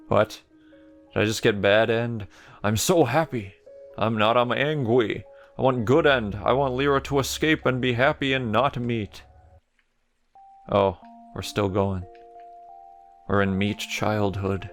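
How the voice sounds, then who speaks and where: Wry, gravelly let's play man. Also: lowish voice, unhurried, long pauses, faint music behind. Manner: wry, joking reactions. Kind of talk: casual gameplay commentary.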